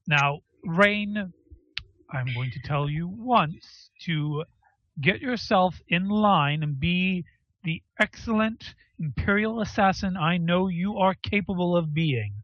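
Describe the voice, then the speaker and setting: A man's voice: high voice, slow pace, dry recording, lo-fi sound, voice pushed up, heavily acted. A man voicing Wormwood, a stern, pompous male therapist who speaks in clipped, indignant sentences.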